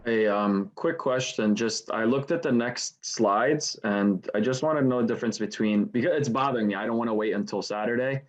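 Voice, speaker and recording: A man, a student in an online class, eagerly asking a quick question. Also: medium pitch, lo-fi sound.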